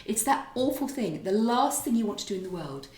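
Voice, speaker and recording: A woman's voice: fairly high pitch, sing-song, a little fast, reverberant. A middle-aged woman co-hosting a podcast, chatting and telling stories with lots of restarts. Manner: chatty, warm storytelling with restarts. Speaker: podcast co-host and author. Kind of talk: casual chat. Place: kitchen.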